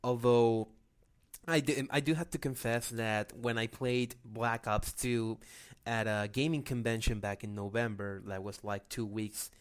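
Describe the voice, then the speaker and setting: A male podcast co-host in casual gaming chat. His voice sits at an ordinary middle pitch, and he talks in a halting way, stumbling and restarting sentences as he goes. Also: steady tone, smooth.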